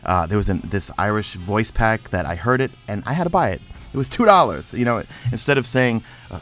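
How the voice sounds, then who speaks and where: A man's voice: lowish voice, expressive, quick pace, hardly any pauses, fairly bright tone, soft background music. A man co-hosting a casual gaming discussion, thinking aloud with lots of fillers and restarts. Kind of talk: casual chat.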